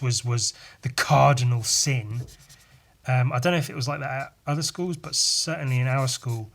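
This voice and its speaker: A man's voice: mid-range voice, a bit bright. A young man hosting a solo podcast, telling a meandering story full of swearing, wry asides and frequent fillers. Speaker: podcast host.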